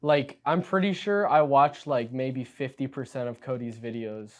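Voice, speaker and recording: A young man in his twenties, a guest on a podcast interview, talking casually and excitably, full of "like" as he tells his story. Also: medium pitch, moderate pace. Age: 20s. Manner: energetic, excitable storyteller with frequent "like". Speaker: guest, new insurance agent.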